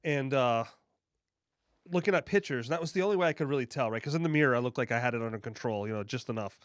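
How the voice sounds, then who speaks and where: A man's voice: mid-range voice, fast, no room sound, studio quality. A middle-aged man hosting a podcast, chatting casually and telling personal stories in an easygoing way. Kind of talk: casual chat.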